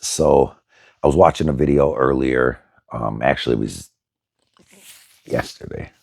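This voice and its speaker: A man's voice: rumbling low, animated, measured pace, vocal fry, long pauses, darkish tone, no echo, studio quality. A middle-aged man telling a story casually to his viewers, blunt and profane, with many fillers. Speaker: vlogger.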